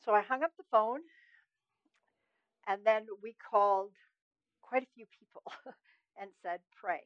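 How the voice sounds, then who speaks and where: A woman sharing a personal testimony of prayer, earnest and story-driven, dropping to a hush at moments. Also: medium pitch, a little slow, no room sound, highs cut off. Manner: earnest storytelling, swings from loud to hushed. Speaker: ministry founder sharing testimony.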